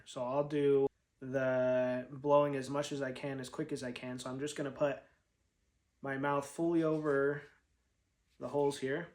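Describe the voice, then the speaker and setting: A man, a flute teacher patiently explaining breath control step by step in an instructional demonstration. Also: medium pitch.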